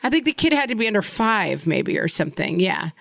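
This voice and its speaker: A woman in her forties co-hosting a podcast, chatting casually and telling lively stories, jumping up high when she acts out what people said. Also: fairly quick, gravelly, no room sound. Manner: animated storyteller, acts out quotes in high voices. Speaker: podcast co-host. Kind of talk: casual chat.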